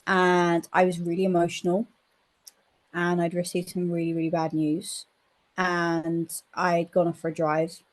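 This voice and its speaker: A woman, a psychic medium guest in an interview, telling a story in a chatty, animated way and swearing now and then. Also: on the low side.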